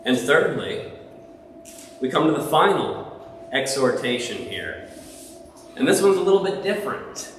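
A man's voice: on the high side, fairly bright tone, slight background noise. A man preaching a sermon as pastor, speaking conversationally and asking the congregation questions. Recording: echoey hall, voice from far off.

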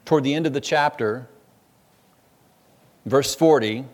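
A man's voice: medium pitch, measured pace. Man preaching an emphatic, conversational sermon. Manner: conversational, emphatic, with frequent restarts. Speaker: pastor. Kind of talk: expository sermon.

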